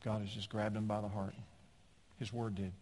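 A man preaching a sermon in a church, emphatic, with folksy humor and loud peaks on key words. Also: fairly low pitch, little pitch movement, normal speed. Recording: long hall reverb.

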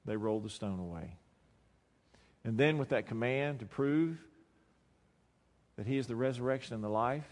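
A man preaching a sermon, swinging between quiet, low passages and loud, emphatic lines. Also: normal speed, pauses often. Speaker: pastor. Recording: long hall reverb.

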